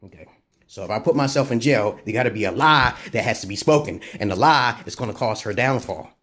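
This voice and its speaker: Vlogger, male, mid-pitched and husky; rambling profane rant, voice jumps up when agitated. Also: a little fast, a bit bright. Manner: heavy swearing, repeated "right?" and "okay?" asides. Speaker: vlogger giving dating advice. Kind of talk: rambling profane monologue to camera.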